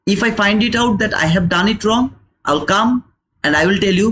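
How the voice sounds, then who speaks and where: A man's voice: high voice, animated, a little fast, a bit bright. A man hosting a live trading lesson, lecturing viewers emphatically and repeating phrases for stress. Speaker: trading educator and channel host.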